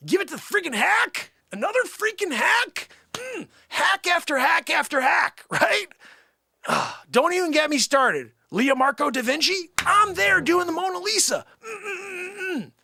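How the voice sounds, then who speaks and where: Comic bit: a braggart time traveler, put on by a man, gravelly and shrill, ranting and boasting. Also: sing-song, unhurried, slight background noise, full character voice. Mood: manic boasting. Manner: rambling, boastful, shouting outbursts. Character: boastful male time traveler claiming famous past lives.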